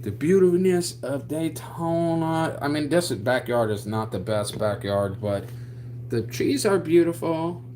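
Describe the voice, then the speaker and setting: A man on a casual livestream who reads viewer comments aloud and chats in an excitable, slangy way full of restarts. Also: fairly high pitch, measured pace, a little hiss or hum. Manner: drawling slang with frequent restarts.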